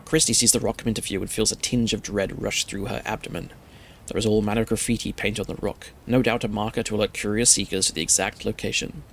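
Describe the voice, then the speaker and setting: A man streamer narrating a scary story in a steady, measured reading. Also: fairly low pitch, gravelly, a little hiss or hum.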